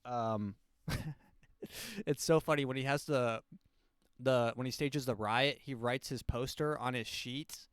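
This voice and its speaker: A man's voice: mid-range voice, slow, pauses often, smooth, no echo, clean studio sound. A man hosting a podcast, rambling through a casual book review and breaking into silly voices for quotes. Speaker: podcast host.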